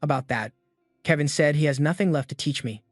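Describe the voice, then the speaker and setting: A man's voice: fairly high pitch, brisk, no room sound, clean studio sound, soft background music, lightly acted. A male narrator reading the lines of a shy, earnest young princess, polite and trusting.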